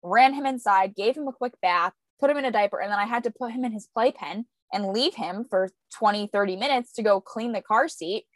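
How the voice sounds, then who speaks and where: A young woman co-hosting a podcast, telling a lively story about her baby in casual chat with animated, expressive delivery. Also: a little fast, few pauses, no room sound. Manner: animated storyteller, squeaky voices for quoted baby. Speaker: podcast co-host; young mother.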